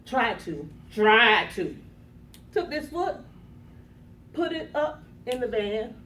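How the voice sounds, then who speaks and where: A high, lively woman's voice telling a personal story to a live audience, acting out each quoted line with gasps and laughs. She takes her time between phrases. The recording is echoey and picked up from across the room, with faint background noise. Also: takes it slowly, far from the mic. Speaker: motivational speaker. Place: conference room.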